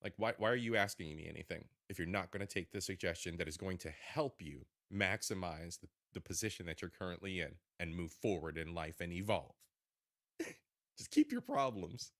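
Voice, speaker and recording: A man hosting a reaction show, talking excitedly and repeating himself as he speaks to viewers. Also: sits low, fairly quick, hardly any pauses, dry recording, clean studio sound. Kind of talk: reacting to a video.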